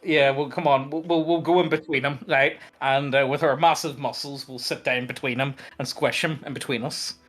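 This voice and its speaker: A man rambles through a story at a tabletop game, joking and piling on fillers. His voice sits in a middle pitch, with faint music in the background. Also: fairly even intonation, normal speed, few pauses, fairly bright tone. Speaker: player. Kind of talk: casual tabletop role-play chat.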